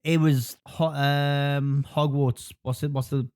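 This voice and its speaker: A man's voice: medium pitch, little pitch movement, slow pace, a little mellow, clean tone. A man hosting a podcast, chatting casually and laughing often. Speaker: podcast host. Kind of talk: casual chat.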